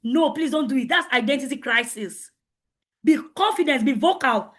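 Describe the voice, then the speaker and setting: Woman coach, high voice, loud and emphatic, repeats lines to drive them home. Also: expressive, normal speed. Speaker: coach speaking at a teen conference. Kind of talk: motivational lecture.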